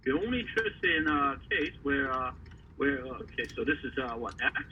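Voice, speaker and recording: A man teaching a math lesson, talking haltingly with many fillers and quizzing the class. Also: mid-range voice, expressive, recorded from a distance. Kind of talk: classroom lecture at a board. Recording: faraway voice over a tinny, noisy line.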